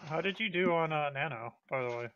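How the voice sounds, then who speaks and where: A man's voice: fairly high pitch, brisk, a bit bright, smooth. A man, a player in a tabletop game stream, bantering casually in a dry, teasing way. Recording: dull voice chat with crowd noise.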